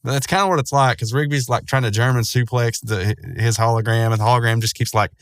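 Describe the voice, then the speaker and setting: A man loosely recapping a cartoon episode at a middle pitch, rambling along with plenty of fillers and soft chuckles. His voice sounds close and dry, with no room around it. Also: steady tone, quick pace, no room sound. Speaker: show recapper.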